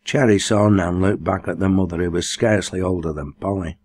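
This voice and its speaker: A man's voice: low-pitched, steady tone, a little fast, darkish tone. A man reading a novel aloud as an audiobook, raising his voice for the dialect dialogue. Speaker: audiobook reader. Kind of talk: scripted narration.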